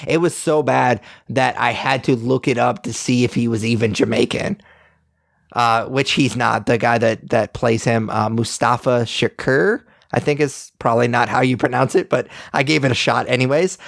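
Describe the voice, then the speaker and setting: Young male podcast co-host, gravelly, dry close mic, blunt and rambling. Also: mid-range voice, dry recording. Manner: rambling, blunt, animated opinions. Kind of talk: casual review chat.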